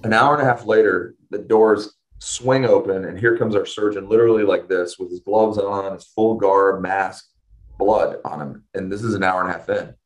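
An earnest middle-aged man recounts a personal story as a guest in a conversation. His voice sits a little low, and he often restarts his sentences and pauses when the moment turns emotional. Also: poor audio. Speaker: interview guest.

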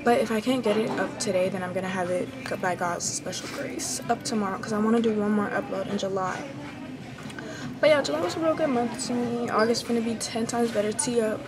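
A woman's voice: fairly high pitch, fairly quick, music in the background. A young woman in her late teens chatting casually in a rambling vlog. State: out of breath. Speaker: vlogger.

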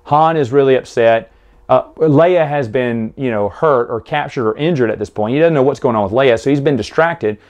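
A man's voice: medium pitch, normal speed, a little mellow. A man hosting a casual book recap, talking with enthusiasm and rambling through restarts. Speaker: book review host.

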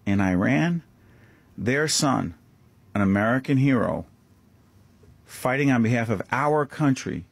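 A man's voice: mid-range voice, no echo. A man, guest-hosting a talk radio show with emphatic, impassioned commentary in a studio. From Newark, New Jersey. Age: 50s. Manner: impassioned, emphatic, rhetorical questions. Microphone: studio microphone.

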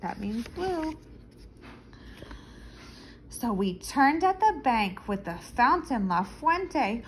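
A woman reading a children's picture book aloud, expressive and stopping to explain words to young listeners. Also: fairly high pitch, slow, long pauses, a little hiss or hum, poor audio. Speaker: storyteller for children.

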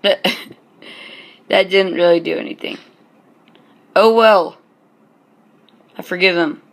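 A man's voice: sits high, fairly even intonation, takes it slowly, creaky, a bit bright. A man giving casual gameplay commentary as host of his own channel, hesitant and full of ums, joking as he goes. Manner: hesitant, many ums and restarts; chatty and joking.

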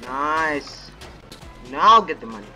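A young man giving live commentary on a co-op game, excitable and foul-mouthed, yelling at his teammate. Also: fairly high pitch, slow, music in the background, poor audio. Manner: excitable, swears a lot, shouts at his teammate. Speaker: gamer playing co-op missions.

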